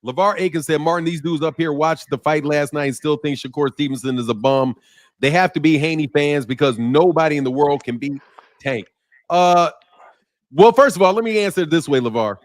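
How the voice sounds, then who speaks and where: A man's voice: fairly high pitch, brisk, dry recording, clean studio sound. A man hosting a casual boxing chat, reading viewer comments and swearing as he talks. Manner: animated, swears, reads viewer super chats. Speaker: boxing channel host.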